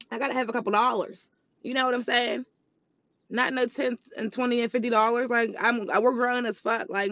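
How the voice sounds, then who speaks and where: A woman's voice: on the high side, a bit bright, no room sound. Woman for a profane scolding vlog rant, emphatic and repetitive, muffled lo-fi recording. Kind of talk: ranting monologue vlog. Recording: dull lo-fi recording.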